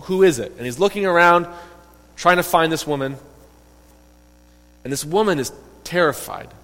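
A man preaching a sermon, retelling a story in a lively, emphatic way and voicing the quoted characters. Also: on the high side, normal speed. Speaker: pastor. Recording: long reverb of a hall.

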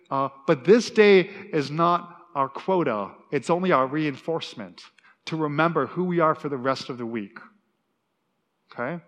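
A man preaching a sermon, animated and acting out quotes, with frequent restarts. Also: a little high, normal speed. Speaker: pastor. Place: church sanctuary. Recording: long reverb in a hall.

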